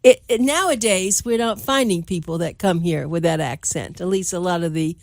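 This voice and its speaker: A woman's voice: lowish voice, moderate pace, vocal fry, no echo, studio quality. Chatty woman hosting an interview. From Miami Beach, Florida. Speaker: host. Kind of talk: casual interview talk.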